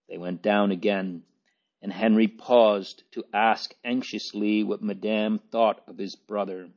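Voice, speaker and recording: A man with a lowish voice narrates a novel as an audiobook, reading in a measured, even storytelling style. The recording sounds dull and lo-fi.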